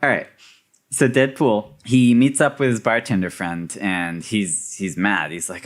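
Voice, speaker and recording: A man's voice: fairly low pitch, steady tone, measured pace. A man hosting a podcast, animatedly retelling movie scenes and laughing often. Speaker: podcast host presenting a fan theory. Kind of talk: casual podcast chat.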